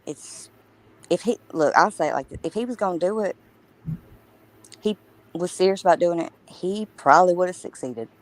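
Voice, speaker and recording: A woman's voice: lowish voice, expressive, moderate pace, pauses often, low-quality recording. A woman co-hosting a casual true crime livestream, talking emphatically and indignantly with many restarts.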